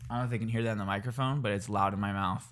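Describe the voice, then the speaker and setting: A man's voice: fairly low pitch, fairly even intonation, rapid-fire, fairly bright tone. A man in his twenties co-hosting a casual podcast chat, talking with a slight lisp from new braces in a laid-back, slangy way. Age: 20s. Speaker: podcast co-host.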